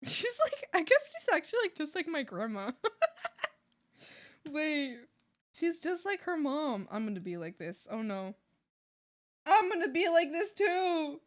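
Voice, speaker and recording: A young woman art streamer chatting casually while she draws, telling stories in an animated, giggly way full of fillers. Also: sits high, unhurried. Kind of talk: casual chat while drawing. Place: home room.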